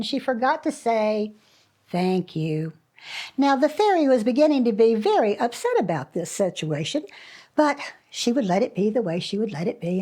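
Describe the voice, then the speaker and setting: Telling a fairy tale to a group of kids, this female storyteller speaks with a husky, medium-pitched voice, lively and expressive, and lets dramatic pauses hang.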